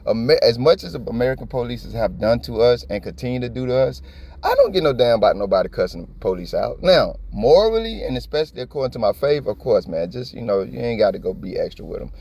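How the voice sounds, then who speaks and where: A man's voice: mid-range voice, big pitch swings, fast talker, gravelly, darkish tone. A man giving blunt, profane, impassioned reaction commentary in a slangy, conversational way. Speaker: video commentator.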